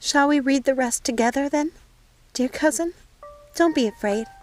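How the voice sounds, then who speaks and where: A woman voicing a kind young princess in an audiobook, bright and eager. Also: high voice, moderate pace, voice pushed up, lightly acted. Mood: warm.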